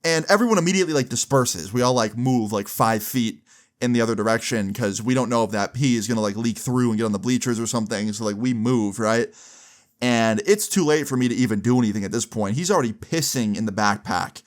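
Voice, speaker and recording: A man's voice: mid-range voice, a little fast. Young man telling a crude casual story. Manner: crude, casual, many "like" fillers.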